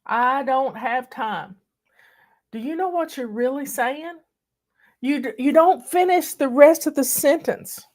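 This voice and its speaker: Slow, teary woman host. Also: high voice. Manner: folksy, warm-hearted, emotional, drawling. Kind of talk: casual live video chat.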